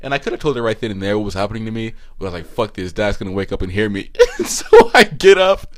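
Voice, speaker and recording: A man in his twenties telling a long story on a podcast, animated and swearing, laughing as he goes. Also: on the low side, fast. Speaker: podcast co-host. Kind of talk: casual storytelling.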